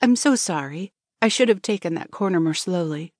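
A woman's voice: fairly low pitch, expressive, moderate pace, darkish tone, no room sound, studio quality. A woman voicing a flustered, easily rattled young woman who blurts and mutters in a storybook reading.

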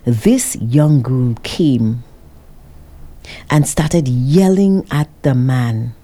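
A woman vlogger telling her viewers a dramatic story, with an animated, expressive delivery. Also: extremely low pitch, extremely slow. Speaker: vlogger working with a cameraman.

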